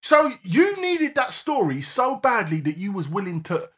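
A young man, co-hosting a casual podcast chat, talking in loud, slang-heavy bursts. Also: sits high, huge pitch swings, moderate pace. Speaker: podcast co-host.

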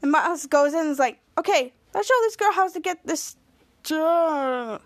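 High-voiced woman recapping a show. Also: normal speed. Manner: acts out characters' lines with lively voices. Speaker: podcast host. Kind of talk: casual episode recap.

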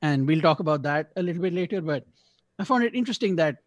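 A man's voice: on the high side, lively intonation, fast talker, no room sound. A man hosting a podcast, reviewing an episode in casual chat with rambling, self-correcting talk and joking asides. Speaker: podcast host.

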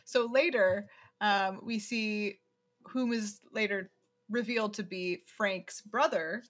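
A woman's voice: mid-range voice, slow. A woman co-hosting a podcast, summarizing a movie in a casual way with laughs and fillers. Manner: chatty, laughs often, many fillers. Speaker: podcast co-host. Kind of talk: casual movie recap chat.

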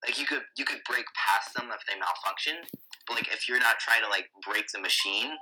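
A man's voice: fairly low pitch, fairly quick, sharp tone, a little hiss or hum, poor audio. A young man chatting casually with friends, rambling with lots of fillers and jokes. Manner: rambling, many fillers, jokey. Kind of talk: casual chat among friends.

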